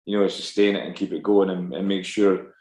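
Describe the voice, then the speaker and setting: A man co-hosts a rugby podcast, hesitating and repeating words as he builds an argument. His voice is low and sits in an echoey room. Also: little pitch movement, brisk, mellow. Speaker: podcast co-host. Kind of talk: casual rugby podcast discussion.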